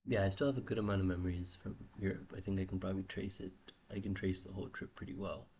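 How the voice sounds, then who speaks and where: A man's voice: low voice, flat delivery, fast, a little mellow, slight background noise. A young man talking in a rambling, musing video journal, swearing casually and often trailing off mid-thought. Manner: restless, trails off and restarts. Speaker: vlogger.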